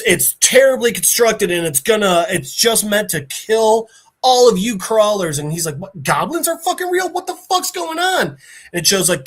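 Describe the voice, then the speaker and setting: High-voiced man retelling a story. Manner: animated, profane storytelling. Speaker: podcast host. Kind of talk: casual story recap.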